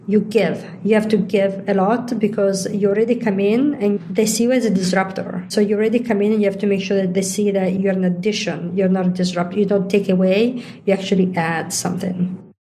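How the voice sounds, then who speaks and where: A woman's voice: medium pitch, steady tone, normal speed, dark tone, slight background noise. A middle-aged woman, a guest in an interview, explaining her points at length with examples. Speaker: interview guest, digital executive. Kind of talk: conversational interview.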